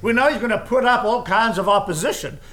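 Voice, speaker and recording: A man's voice: high voice, animated, quick pace, fairly bright tone, a little hiss or hum. A man preaching a sermon, driving his points home with repeated phrases and casual asides. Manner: emphatic, repetitive preaching cadence with asides.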